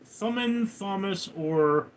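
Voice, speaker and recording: Man reading chat aloud on a stream. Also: slow. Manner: reads viewer names and questions aloud, then answers in a low mutter. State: recovering from a hospital stay. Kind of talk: casual live stream chat.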